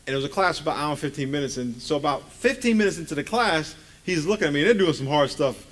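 A man's voice: on the high side, animated, rapid-fire. A man in his forties preaching a conversational sermon in a church, joking and firing rhetorical questions at the congregation.

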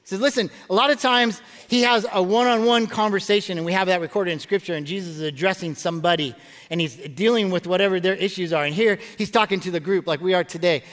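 High-voiced pastor preaching in a reverberant hall. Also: male voice, fast. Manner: animated storytelling with frequent stammered restarts and jokes. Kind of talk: sermon. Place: large church auditorium. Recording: long reverb of a large hall.

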